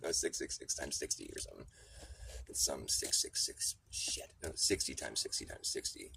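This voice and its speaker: A man livestreaming a rambling, swearing conspiracy monologue, often half-whispered and hushed. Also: extremely low pitch, lively intonation, moderate pace, gravelly, far from the mic, a little hiss or hum. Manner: mumbling, swearing, chuckling.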